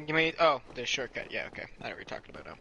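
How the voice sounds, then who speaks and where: A man's voice: mid-range voice, very animated, rapid-fire, creaky, pushed and bright, muffled recording, slight background noise. A man in casual gaming chat, laid-back with brief replies. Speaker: gamer.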